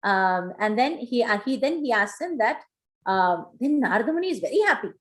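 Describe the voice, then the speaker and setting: A woman teaching a scripture class, retelling a story in an animated way with many fillers. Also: on the high side, a little fast, poor audio.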